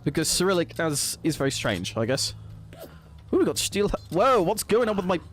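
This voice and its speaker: A man's voice: high-pitched, big pitch swings, normal speed, faint music behind. A man streaming a shooter game, commentating and chatting with viewers, exclaiming at the action and laughing often.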